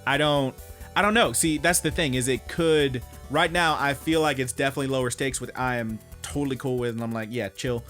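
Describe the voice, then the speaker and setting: A man's voice: medium pitch, brisk, a bit bright, soft background music. Laid-back, teasing male co-host. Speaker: podcast co-host. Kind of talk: casual anime review chat.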